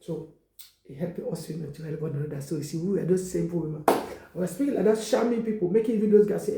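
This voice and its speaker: Gravelly dark-voiced woman exhorting. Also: on the low side, fast talker, roomy sound, slight background noise, poor audio. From Cameroon. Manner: repetitive, leans on "you see", breaks into loud prayer. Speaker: exhortation speaker. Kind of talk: informal exhortation and prayer.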